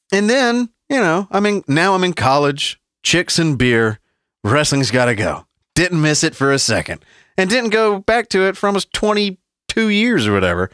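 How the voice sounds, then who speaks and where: A man's voice: medium pitch, clean tone, no room sound, clean studio sound. A man in his forties, a podcast co-host, telling stories in casual, profane chat with frequent laughs. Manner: profane, animated storytelling with laughs.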